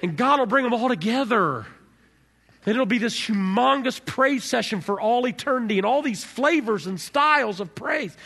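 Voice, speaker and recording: A man preaching a sermon as pastor, animated, swinging from soft to loud. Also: very high voice, normal speed, slightly rough.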